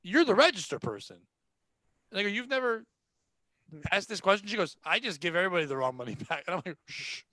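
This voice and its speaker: A man with a high, bright voice tells a story from his retail job in a casual, blunt, sarcastic way. He acts out the customers and coworkers as he goes. The sound is dry, close and free of room echo. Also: fast. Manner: animated, acts out the people in his stories. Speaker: podcast host telling a retail story.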